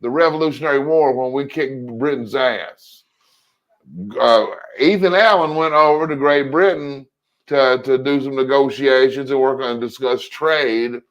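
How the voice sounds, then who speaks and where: A man co-hosting a casual political chat, telling long rambling stories with animated asides. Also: medium pitch, unhurried, highs cut off. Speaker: co-host.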